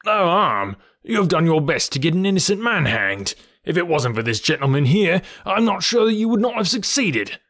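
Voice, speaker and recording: A man's voice: mid-range voice, normal speed, dry recording, clean studio sound, natural voice. A man voicing an angry, indignant police inspector in a Victorian detective audiobook. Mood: furious. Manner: loud, indignant, exasperated.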